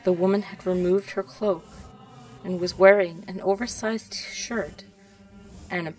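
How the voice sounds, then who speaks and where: Female storyteller, calm quiet read, sits back from the mic over soft music. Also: mid-range voice, a little slow, far from the mic, low-quality recording. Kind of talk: reading a fan story aloud.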